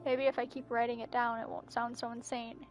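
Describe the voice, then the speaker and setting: High-voiced woman reading game messages. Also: level tone, fairly quick, soft background music. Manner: reads messages aloud as narration, with breathless asides. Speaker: gameplay streamer. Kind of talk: reading game texts aloud during a playthrough.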